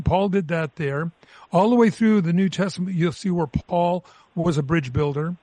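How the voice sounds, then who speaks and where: A man's voice: a little high, a little mellow, no room sound. A man hosting a Christian radio call-in show, greeting callers in a folksy way and calling them dear.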